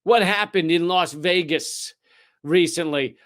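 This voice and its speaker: A man with a high, smooth, clear voice riffs through a comedic news monologue on a live stream. He talks loosely and sarcastically, swears freely and stumbles through plenty of fillers. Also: moderate pace, a bit bright. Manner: loose, profane, sarcastic riffing with many fillers.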